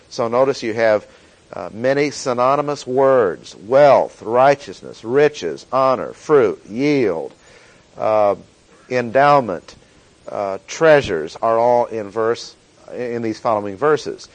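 A male Bible teacher who speaks slowly and deliberately, leaning hard on key words as he reads scripture and explains it. His voice sits at a middle pitch, unhurried and methodical. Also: expressive, no room sound, rough recording. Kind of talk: verse-by-verse Bible lesson.

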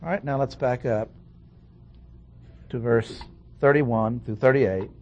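A man delivers a verse-by-verse sermon at a middle pitch. He reads scripture aloud and stresses key words with steady emphasis, like a teaching pastor walking a congregation through a passage. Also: takes it slowly, dull audio, faint music behind. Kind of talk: expository sermon.

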